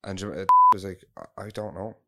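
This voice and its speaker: A man's voice: deep voice, steady tone, fairly quick, very noisy. An Irish man telling a long story in casual chat, rambling, swearing freely and restarting his sentences.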